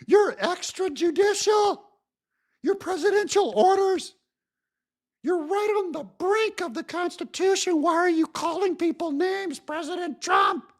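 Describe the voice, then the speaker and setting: A man voicing a whiny, scolding male establishment politician in a shrill, mocking tone. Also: a little slow. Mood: whining. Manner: shrill, whining mockery.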